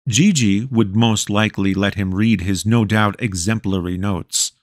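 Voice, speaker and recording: Low-voiced wry audiobook narrator. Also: male voice, measured pace, hardly any pauses, no echo, clean studio sound. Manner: wry, storytelling. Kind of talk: scripted narration.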